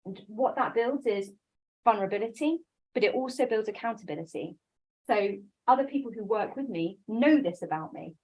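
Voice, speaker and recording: A woman giving a conference talk on coaching, lively and self-deprecating, with quick quoted asides. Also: medium pitch, breathy edge, rough recording. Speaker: coaching speaker.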